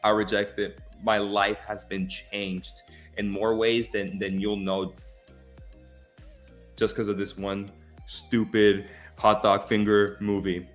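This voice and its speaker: A man hosting a casual film podcast, animated and repeating phrases for emphasis. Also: fairly low pitch, slow pace, faint music behind. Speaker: podcast host. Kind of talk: casual chat.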